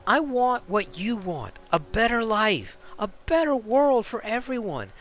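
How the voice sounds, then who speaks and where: A man's voice: high-pitched, sing-song, a little slow, fairly bright tone, pitched above the performer's own voice, exaggerated voice. A man voicing an earnest young man who pleads urgently with an ex-girlfriend. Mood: pleading.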